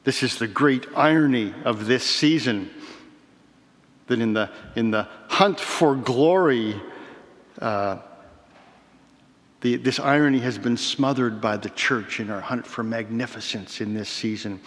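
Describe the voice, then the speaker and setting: A man preaching a sermon in a measured, reflective way, with slow emphatic pauses. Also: medium pitch, a bit bright. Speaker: pastor. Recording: reverberant hall.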